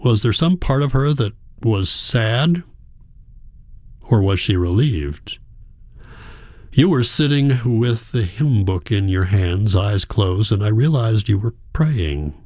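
A man reading a novel aloud in a measured, reflective storytelling manner. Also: fairly low pitch, expressive, darkish tone, dry recording, clean studio sound. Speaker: audiobook narrator. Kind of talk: scripted narration.

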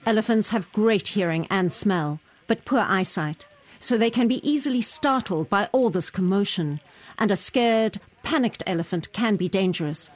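Woman reading a measured news narration. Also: medium pitch. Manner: measured, even delivery. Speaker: news reporter.

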